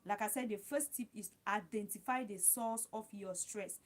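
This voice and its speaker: A woman's voice: mid-range voice, moderate pace. A woman hosting a casual livestream, giving advice and repeating her points while talking straight to her viewers. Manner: repetitive, talks straight to viewers as "guys". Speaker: livestream host.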